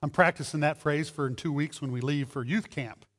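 A man preaching a sermon as a pastor, animated, acting out voices in his stories. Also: fairly high pitch, brisk. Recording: long hall reverb.

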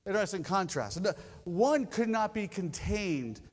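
A high-pitched male pastor delivers a sermon in a storytelling manner. He slows down to lean on key words and then rattles through quick asides. His voice rings out with the long reverb of a church hall. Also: animated. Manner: storytelling, shifting between slow emphasis and quick asides.

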